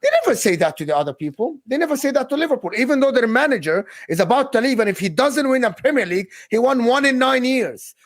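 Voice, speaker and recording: A man's voice: very high voice, very animated, fast talker, hardly any pauses, no room sound. A man hosting a football stream, arguing indignantly in a heated debate. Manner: indignant, argumentative.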